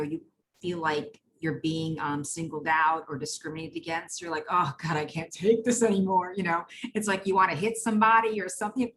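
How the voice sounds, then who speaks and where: A woman's voice: fairly low pitch, fairly bright tone, a little hiss or hum, rough recording. A woman panelist and Army veteran giving reflective advice, with many fillers. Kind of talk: panel discussion.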